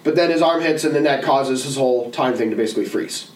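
A man co-hosting a casual podcast chat, animated, jumping between loud bursts and mumbled asides. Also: medium pitch, fast talker, reverberant. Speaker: podcast co-host. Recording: slightly distant mic with faint room noise.

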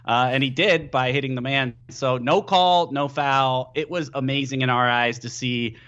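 A man as a guest on a sports podcast, telling stories in an animated, excitable way with lots of fillers. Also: medium pitch, moderate pace, clear, resonant tone, dull audio. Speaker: podcast guest, team analyst. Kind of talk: casual sports podcast chat.

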